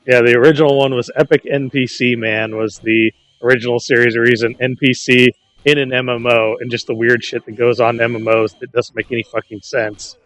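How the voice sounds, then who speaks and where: A man chatting casually with friends while playing an online game, swearing freely and telling stories at a relaxed pace. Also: mid-range voice, fairly quick, soft background music. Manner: profane, laid-back storytelling. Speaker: gamer in a group. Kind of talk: casual voice chat while gaming.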